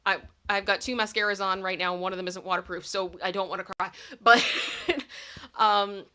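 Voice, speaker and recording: Bright-voiced woman hosting a livestream. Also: mid-range voice, fairly even intonation, normal speed. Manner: chatty, thanks viewers by name, gets giggly. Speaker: livestream host. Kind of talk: casual livestream chat.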